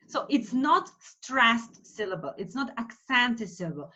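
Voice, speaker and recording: Repeating words carefully for her students to drill, a woman teaching English phonics online keeps her pace slow yet lively. Her voice is a little high with a breathy edge, and the sound comes over a video call as dull lo-fi audio.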